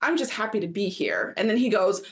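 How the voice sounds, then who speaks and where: A woman's voice: medium pitch, big pitch swings, fairly quick, creaky. A woman co-hosting a sports talk show, arguing her point emphatically and acting out quotes in mocking voices. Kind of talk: studio discussion.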